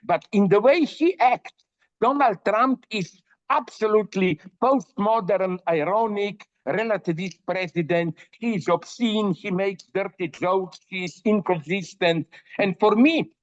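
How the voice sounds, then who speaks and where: A man's voice: high voice, no room sound. An older man philosopher talking in an interview, emphatic and full of fillers and restarts. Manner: emphatic, many fillers and restarts, tells jokes. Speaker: philosopher guest. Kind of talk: animated interview talk. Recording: dull dry audio.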